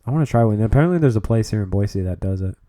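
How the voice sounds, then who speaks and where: Laid-back young man with a low, mellow voice. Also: lively intonation, racing, no room sound, clean studio sound. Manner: laid-back, swearing, laughs at jokes. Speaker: podcast co-host. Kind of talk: casual podcast chat.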